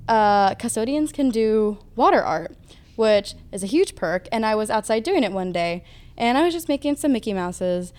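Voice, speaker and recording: A woman's voice: medium pitch, darkish tone, clear, resonant tone. A young woman working as a theme park custodian, telling upbeat stories in a casual interview. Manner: upbeat storytelling.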